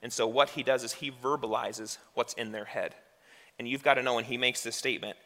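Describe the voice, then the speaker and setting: A man's voice: medium pitch, steady tone, a little fast, sharp tone. A male pastor preaching a sermon in a conversational way, asking rhetorical questions as he goes. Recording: long hall reverb.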